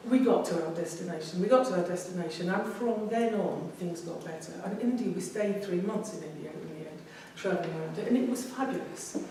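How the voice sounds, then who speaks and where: A woman's voice: on the low side, warm tone, a little hiss or hum. A woman, telling a personal story in a speech to a public speaking club, emotional and often repeating phrases as she goes. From England. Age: 50s. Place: meeting room. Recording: very echoey room from a distance.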